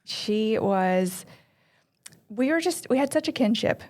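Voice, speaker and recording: A woman from Arkansas, a pastry chef guest, telling her story in relaxed conversation. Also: a little high, slow. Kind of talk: casual interview chat.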